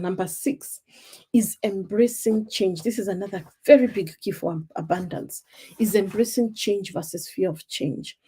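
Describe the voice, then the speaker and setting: A Kenyan woman coaching her viewers on a live stream with an emphatic delivery, circling back to her key points. Her voice is warm and dark, with a husky grain and a gravelly edge. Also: mid-range voice. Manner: emphatic, repeats key points, acts out quoted speech. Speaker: life purpose coach. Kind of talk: motivational live stream talk.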